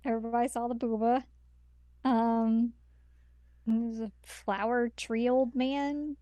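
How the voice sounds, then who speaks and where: A woman's voice: fairly high pitch, fairly even intonation, slow pace, dark tone, dry recording. A young woman co-hosting a podcast, chatting about an anime episode with wry, teasing remarks. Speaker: podcast co-host. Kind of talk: casual anime chat.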